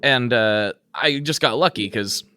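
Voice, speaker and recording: A man's voice: mid-range voice, measured pace, pushed and bright, slight background noise. A man hosting a casual podcast, asking questions and reacting with short, curious interjections. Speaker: podcast host.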